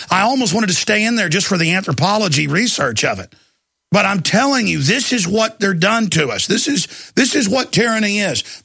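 Male talk radio host, raspy and gravelly, bright high voice, intense and emphatic delivery. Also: dry recording, clean studio sound. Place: radio studio.

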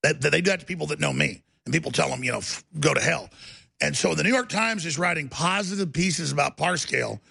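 A man's voice: a little high, fast, vocal fry, hardly any pauses, bright, forceful tone, husky. A man hosting a talk radio show, delivering an emphatic, rambling monologue full of restarts.

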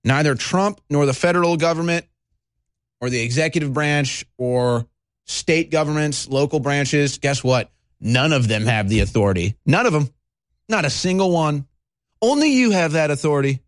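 A man with a high, lively voice rants at his audience, sighing and slipping into mocking voices. He hosts his own show, and the sound is dry and close. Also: no echo. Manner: fast, animated, mocking voices, sighs. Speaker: host. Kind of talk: ranting monologue.

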